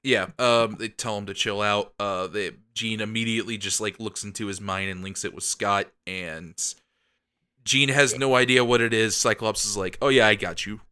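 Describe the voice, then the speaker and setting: A man's voice: lowish voice, steady tone, moderate pace, sharp tone, clear, resonant tone. A man co-hosting a podcast, rambling upbeat through comic plot recaps with lots of fillers. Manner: rambling, many ums and likes, upbeat. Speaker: podcast co-host. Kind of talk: casual comic recap chat.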